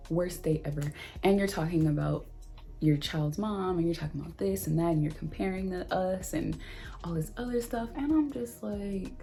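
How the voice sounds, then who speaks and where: A young woman vlogger telling a dating story in an animated, exasperated way, acting out the lines of both people. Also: fairly low pitch, moderate pace, vocal fry, soft background music. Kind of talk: storytime vlog.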